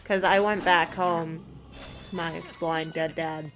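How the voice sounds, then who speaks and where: A woman's voice: low-pitched, steady tone, takes it slowly, a bit bright, soft background music. A woman co-hosting a let's play, chatting casually through the gameplay and laughing often. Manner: giggly, chatty, frequent laughter. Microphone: shared desk microphone.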